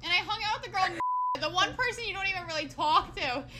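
A young woman in her twenties telling a funny story in casual chat, animated and often laughing. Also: very high voice, fast talker.

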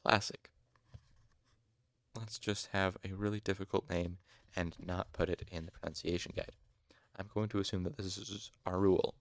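Low gravelly male audiobook reader. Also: steady tone, moderate pace, pauses often, fairly bright tone, dry recording. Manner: casual asides, mild exasperation at hard names. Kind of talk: fan audiobook narration.

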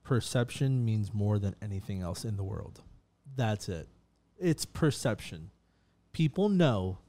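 A man's voice: fairly low pitch, lively intonation, measured pace, warm tone. A man co-hosting a casual podcast, talking emphatically and profanely and tossing in "bro" often. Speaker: podcast co-host.

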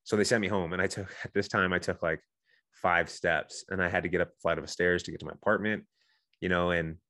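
Quick-talking deep-voiced man, earnest. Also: fairly even intonation, sharp tone, dry recording, clean studio sound. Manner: earnest, emotional, many restarts and "you know"s. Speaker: guest. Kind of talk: candid personal storytelling.

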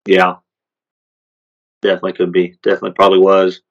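A man co-hosting a podcast, talking sports in a relaxed, rambling way with lots of fillers. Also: deep voice, quick pace, vocal fry, dull audio. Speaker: podcast co-host. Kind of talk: casual sports chat.

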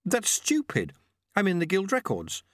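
An anxious young novice monk, once a street thief, firing off nervous, questioning lines in a raised voice. A man reads him aloud in a storybook, with a lively lilt and a dry, close sound. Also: high voice, moderate pace, no room sound, voice pushed up, heavily acted.

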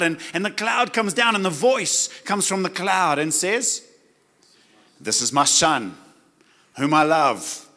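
A male preacher with a high, ringing voice and a bright, forceful edge. He preaches with emphasis and often pauses to get the congregation to say key words back to him. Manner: emphatic, asks the crowd to repeat words. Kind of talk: sermon.

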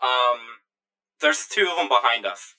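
A man's voice: mid-range voice, wildly swooping pitch, unhurried, pushed and bright, clean tone, heavily acted, poor audio. A man voicing a sad, polite male hologram in a tabletop game, hesitant and trailing off. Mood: uneasy.

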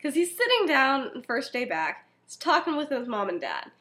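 High, animated young woman. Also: moderate pace. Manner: animated, laughing, acts out characters' lines. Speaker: podcast co-host. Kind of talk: casual chat retelling a fan story.

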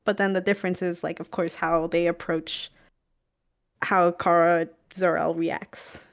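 A woman's voice: on the low side, little pitch movement, measured pace, creaky, clean tone. A young woman co-hosting a podcast, talking casually and often hedging what she says. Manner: chatty, unsure, hedging. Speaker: podcast co-host.

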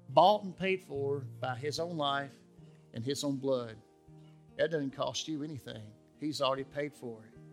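A man's voice: mid-range voice, fairly bright tone. A middle-aged pastor preaching an earnest, emphatic sermon in a church, asking his listeners questions. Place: church sanctuary.

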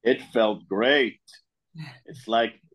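A man's voice: medium pitch, very slow, fairly bright tone. A man from the UAE answering interview questions eagerly, often restarting his sentences. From United Arab Emirates. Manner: eager, with frequent restarts and repeats. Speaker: guest artist. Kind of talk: casual interview talk.

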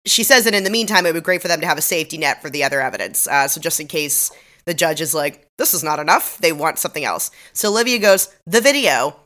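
A woman podcast co-host with a low-pitched voice and a bright, crisp edge. She talks casually through an episode recap, adding dry, sarcastic remarks. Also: expressive, fast. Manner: sarcastic, wry commentary.

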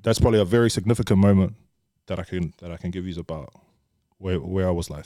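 A fast-talking young man with a low, dark voice and fairly even intonation tells candid stories as a podcast guest. Swearing comes easily to him, and "bro" comes up constantly. The sound is clean studio audio without any room sound.

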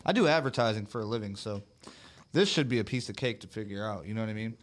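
A man's voice: lowish voice, fast, slight background noise. A man co-hosting a live podcast, joking loosely with heavy swearing and reading viewer comments aloud. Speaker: podcast co-host. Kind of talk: casual live podcast chat.

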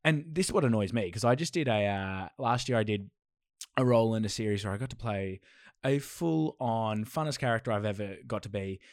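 A man's voice: fairly low pitch, brisk, a little mellow, dry recording, studio quality. A young man, an actor talking casually and rambling with many restarts. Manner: rambling, many repeated starts. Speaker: actor guest. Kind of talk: casual conversation.

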